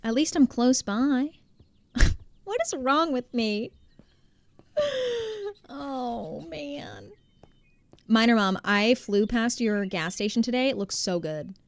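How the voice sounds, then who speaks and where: A young woman chatting casually while streaming a game, talking to her viewers in an animated, chatty way. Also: a little high, slow pace, no echo. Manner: chatty and animated, talks to chat. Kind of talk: casual gameplay commentary.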